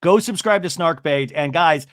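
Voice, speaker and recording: A male podcast host from Montana with a deep radio announcer voice, chatting casually and rambling through quick asides. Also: no echo, studio quality. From Montana, USA.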